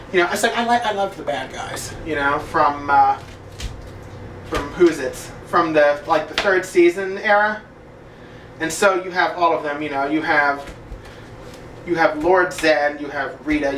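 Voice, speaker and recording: A man with a fairly high, slightly bright voice hosts a casual video journal in his home kitchen, chatting while he cooks. He rambles loosely and fills his talk with filler words. The recording sounds roomy, with a distant mic and faint background noise.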